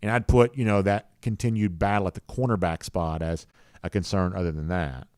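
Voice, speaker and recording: A man's voice: low-pitched, fairly even intonation, a little fast, darkish tone, no echo, clean studio sound. A man hosts a live show, reading viewer comments in an easygoing, rambling way with many fillers. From rural US South. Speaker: podcast host.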